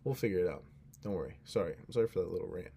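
A man's voice: deep voice, lively intonation, rapid-fire, mellow, slight background noise. A young man hosting a casual solo podcast, talking in an earnest, rambling way and cutting himself off, sounding drowsy. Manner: rambling, earnest, self-interrupting. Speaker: podcast host.

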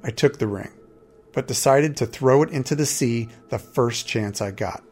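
A man reads a first-person fantasy adventure aloud. His delivery is steady and measured, at a mid pitch. Soft music plays faintly underneath. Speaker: narrator.

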